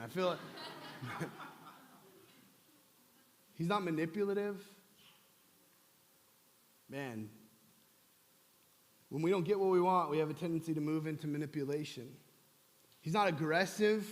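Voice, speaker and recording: Man pastor preaching, chatty and jokey, kinda high voice, big hall echo. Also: a little slow, long pauses. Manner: humorous, conversational, animated. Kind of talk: sermon. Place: church sanctuary. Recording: long church hall reverb.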